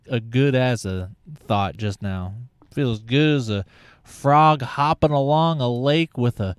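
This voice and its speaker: A man's voice: medium pitch, smooth, no room sound, studio quality. A man hosting a podcast, talking in a casual comedic monologue that rambles, swears and drifts into tangents. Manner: rambling, profane, full of tangents and restarts. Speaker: podcast host.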